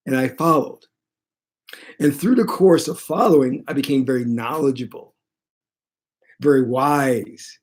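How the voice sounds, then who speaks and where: A man who teaches spirituality, retelling a personal story in an animated, dramatic way. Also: medium pitch, unhurried, pauses often. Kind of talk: storytelling monologue.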